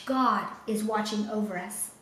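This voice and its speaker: A woman's voice: a little slow, fairly bright tone, slight background noise, close to an everyday voice. A woman voicing a brave young boy who calls out to his father, in a storybook reading. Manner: high, eager. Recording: roomy echo.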